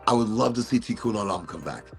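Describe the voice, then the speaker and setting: A man's voice: lowish voice, expressive, fast, vocal fry, over music. A man co-hosting a casual podcast chat, rambling and often trailing off mid-sentence. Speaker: podcast co-host.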